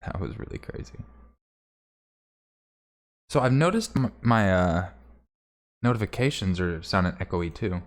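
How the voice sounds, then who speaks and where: A man's voice: deep voice, expressive, measured pace, pauses often. A man chatting casually on a livestream while he plays, rambling, swearing now and then and thanking viewers. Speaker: game streamer.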